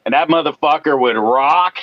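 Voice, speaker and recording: A man's voice: on the high side, normal speed, dry recording, muffled recording. A man in casual podcast chat, boastful and profane, who laughs easily. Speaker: co-host.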